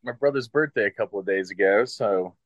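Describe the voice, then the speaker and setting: A man's voice: on the low side, a little fast, dry recording, dull audio. A man calling into a live video call, telling a personal story in a hesitant, earnest way. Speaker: caller.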